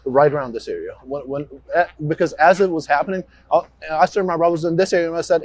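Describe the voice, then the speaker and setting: A police officer recounting events outdoors during an on-scene walkthrough interview, halting and restarting his phrases. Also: on the high side. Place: outdoors by a roadside.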